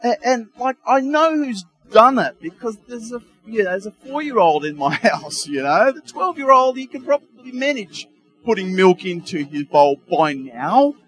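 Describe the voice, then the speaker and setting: A middle-aged male pastor preaching a sermon in a lively way, with homely asides and chuckles. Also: sits high, normal speed, low-quality recording.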